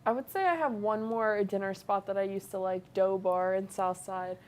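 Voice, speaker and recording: A woman co-hosting a casual podcast chat, upbeat and quick to laugh. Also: medium pitch, a little mellow, slight background noise. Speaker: podcast co-host.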